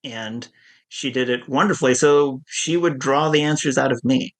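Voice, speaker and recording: A man's voice: mid-range voice, normal speed. A middle-aged man who works as an addiction counselor, telling his story in an interview in a candid, self-deprecating way and laughing easily.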